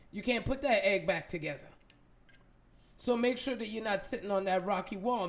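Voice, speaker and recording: A woman leading a motivational affirmation talk, blunt and profane, hammering points with forceful emphasis. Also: medium pitch. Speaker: motivational speaker.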